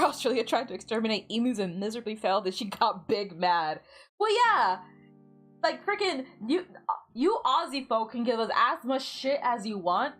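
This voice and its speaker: A woman's voice: fairly high pitch, a bit bright. A woman from the United States chatting casually while gaming on stream, giggling often and rambling through lots of filler words.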